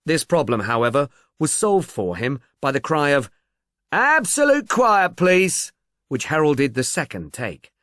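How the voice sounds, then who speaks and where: Male audiobook reader, animated delivery, dry close studio sound. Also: mid-range voice, normal speed, hardly any pauses, dry recording. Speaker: audiobook narrator. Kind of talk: scripted narration.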